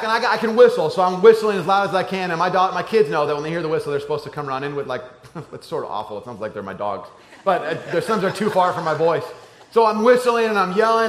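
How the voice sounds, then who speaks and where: A middle-aged man preaching a sermon, telling a story and swinging between loud excited shouts and soft hushed tones. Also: fairly high pitch. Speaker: pastor. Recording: echoey room with faint ambience.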